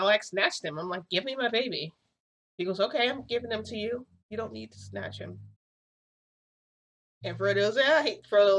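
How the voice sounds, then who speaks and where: A woman's voice: on the low side, a bit bright. A young woman casually telling a story to her viewers, acting out what others said in chatty dialogue. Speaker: vlogger telling a reality-shifting story.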